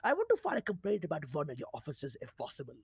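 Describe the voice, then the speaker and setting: A man's voice: on the high side, huge pitch swings, racing, vocal fry, husky, no echo, clean studio sound, heavily acted. A man playing an aggrieved, theatrical man who files a complaint and slips in and out of a put-on accent. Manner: keeps saying "brother" and "right?", theatrical pleading. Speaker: role-play character. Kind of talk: game role-play.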